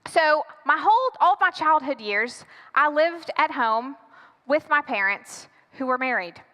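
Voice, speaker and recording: A woman pastor tells a personal story from the pulpit, dramatic and animated as she acts out her own panic. Her voice sits very high and sounds bright and forceful. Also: unhurried, long reverb tail. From United States. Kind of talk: storytelling sermon.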